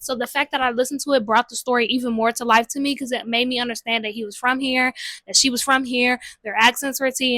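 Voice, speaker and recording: A young woman giving casual, chatty book recommendations at home, with lively slang. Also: on the high side, no room sound. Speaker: book vlogger. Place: home room with a TV.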